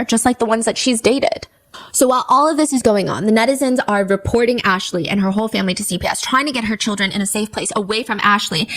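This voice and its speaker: A woman with a slightly high-pitched voice who narrates a commentary video. She talks casually and conversationally, and she freely gives her own opinions. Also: poor audio.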